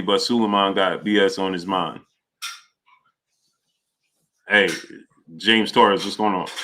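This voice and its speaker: Bright-voiced New livestream host. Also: male voice, fairly low pitch. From New York. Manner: greets viewers by name, reads super chats aloud. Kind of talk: casual livestream chat.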